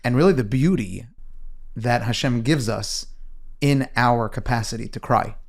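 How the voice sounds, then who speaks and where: A man's voice: mid-range voice, a little slow, vocal fry. A man co-hosting an interview, speaking reflectively and unhurriedly, with touches of faith. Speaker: podcast co-host.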